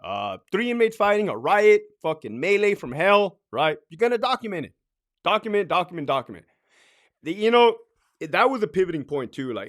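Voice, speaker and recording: A man's voice: high voice, sing-song, moderate pace, fairly bright tone. A man who used to be a correctional officer, giving blunt, profane advice in a casual talk and ending many points with "right?".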